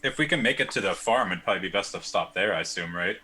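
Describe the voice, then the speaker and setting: A man's voice: low voice, animated, fast, sharp tone, husky. A man chatting casually with fellow players during a virtual tabletop game, laid-back and joking. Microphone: home microphone on a video call.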